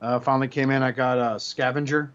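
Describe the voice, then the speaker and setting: A man's voice: mid-range voice, fairly even intonation, fairly quick, fairly bright tone. Guy on a podcast, ums and uhs everywhere, kinda muffled lo-fi sound. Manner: rambling, hesitant, many fillers. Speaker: podcast co-host. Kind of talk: casual chat. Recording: dull lo-fi audio.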